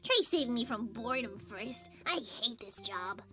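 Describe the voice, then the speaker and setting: A sulky little demon underling drawls with a faint demonic edge, as a woman puts it on. The voice is bright and high, swooping all over. Game music plays softly underneath. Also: animated, moderate pace. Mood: bored, grumbling. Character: lazy bored demon underling, small, sulky.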